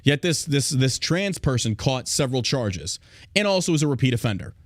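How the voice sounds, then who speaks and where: A man's voice: mid-range voice, sing-song, moderate pace, no echo, studio quality. A man hosting a podcast who rants in a heated, profane, emphatic way and speaks directly to his listeners. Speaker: podcast host. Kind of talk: angry podcast rant.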